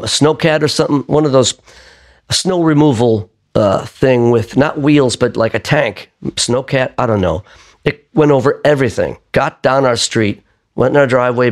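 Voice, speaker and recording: An older man telling a long story in a casual, rambling way, often restarting his sentences. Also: mid-range voice. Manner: rambling, self-correcting raconteur. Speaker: singer-songwriter guest.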